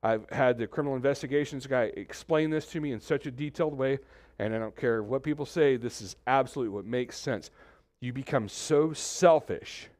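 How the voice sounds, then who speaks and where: A man preaching a conversational sermon as pastor, animated, acting out quoted voices, with many restarts. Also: mid-range voice, a little fast, dry recording. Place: church suite, indoors.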